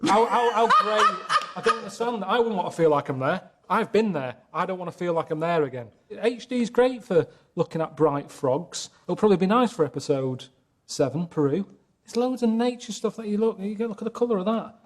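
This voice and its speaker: Deadpan, grumbling man. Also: sits high, fairly quick. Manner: deadpan, moaning complaints. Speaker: reluctant traveller on a comedy show. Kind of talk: casual comic chat.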